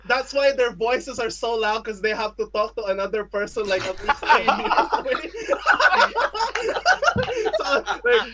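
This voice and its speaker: A man co-hosting a casual podcast chat, excitable, laughing often and bursting out loud. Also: sits high, normal speed, few pauses, heavy background noise. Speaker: podcast co-host.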